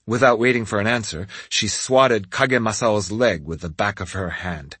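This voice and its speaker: A man with a husky voice narrating a story in the first person, measured and expressive. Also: on the low side, dry recording. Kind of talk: scripted audiobook narration.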